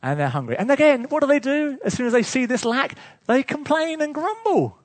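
A man's voice: very high voice, sing-song, fast, no room sound. A man preaching a sermon to a congregation, telling stories with chuckles and asides.

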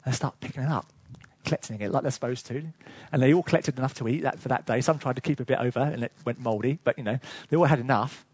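A man's voice: mid-range voice, quick pace, a little mellow, slightly rough, dry recording. A man preaching a sermon to a congregation, telling stories with chuckles and asides.

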